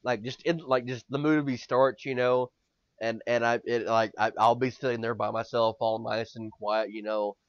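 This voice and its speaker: Excitable rambling man on a lo-fi podcast. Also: medium pitch, moderate pace, no room sound. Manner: excitable, rambling, swearing, big swings in loudness. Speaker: podcast co-host. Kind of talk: casual chat. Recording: dull lo-fi podcast mic.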